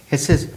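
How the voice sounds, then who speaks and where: A man leads a casual Bible study, posing rhetorical questions to his class. He acts out the people in the story in his own words.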